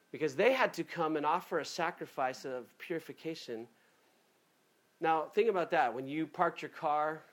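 A man preaching a sermon in a lively, conversational way, often breaking off and restarting his sentences. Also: on the high side. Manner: animated, conversational, self-interrupting. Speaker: pastor.

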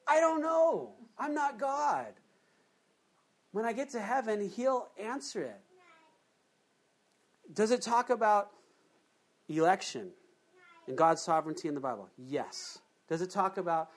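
A preacher in the middle of a sermon, talking in a loose, chatty way and throwing questions to the congregation. The voice sits at a middle pitch and leaps up sharply at times for emphasis. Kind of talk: conversational sermon.

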